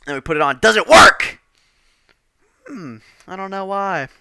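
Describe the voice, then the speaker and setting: A man's voice: on the high side, animated, moderate pace, long pauses, sharp tone, no echo. A man telling a rambling, profane storytime, exasperated and casual.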